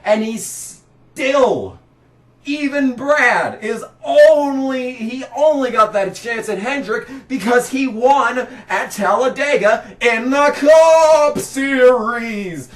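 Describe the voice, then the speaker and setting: A man delivering a sarcastic, exasperated rant about motorsport, breaking into shouts now and then. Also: extremely high pitch, far from the mic. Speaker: racing commentary vlogger. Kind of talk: ranting commentary. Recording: roomy, set back from the mic.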